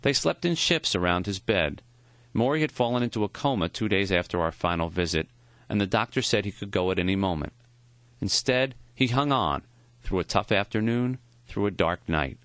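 A man quietly narrating a memoir audiobook in a measured, reflective way. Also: on the low side, lively intonation, dry recording.

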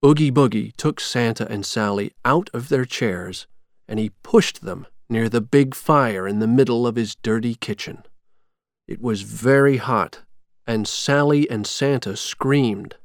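Slow, measured male storybook reader. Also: medium pitch, no echo, clean studio sound. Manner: slow, measured, clear reading for learners. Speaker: narrator. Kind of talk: storybook reading.

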